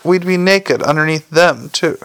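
A man's voice: on the high side, moderate pace, a bit bright, clean tone, dry recording, low-quality recording. Man doing a coolly logical vampire woman. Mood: reasoning. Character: prim logical young female vampire constable. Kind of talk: audiobook character voice.

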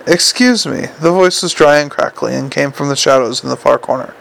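A man narrating a comic fantasy audiobook in a measured, gently wry storytelling manner. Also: mid-range voice, creaky, rough recording.

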